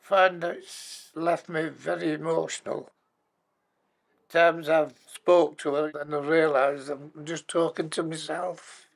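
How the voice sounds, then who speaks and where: A man's voice: a little high, level tone, takes it slowly, vocal fry. A man, telling his life story as a bereaved husband and former carer in a plain-spoken, matter-of-fact way. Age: 80s. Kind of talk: personal life story told for a documentary.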